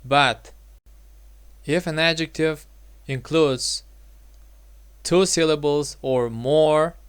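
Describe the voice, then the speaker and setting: A man's voice: fairly high pitch, very slow, smooth, no room sound. A man teaching English grammar, patiently repeating each example and checking in with the listener. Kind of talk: slow explanatory grammar lesson.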